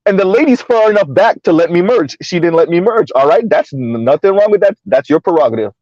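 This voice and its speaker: Quick-paced and expressive, this high-pitched man with a darkish tone hosts a casual vlog of social commentary. Chuckling frequently, he keeps asking his audience "right?" The recording is dry, dull, and lo-fi.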